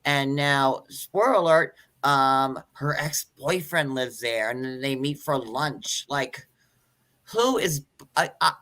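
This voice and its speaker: A woman in casual chat, ranting and swearing in an animated way. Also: a bass voice, takes it slowly.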